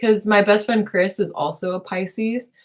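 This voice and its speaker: A woman's voice: medium pitch, fairly even intonation, measured pace. A young woman hosting a casual late-night stream, rambling with many fillers and laughing often as she talks. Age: young adult. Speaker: live stream host chatting with her sister.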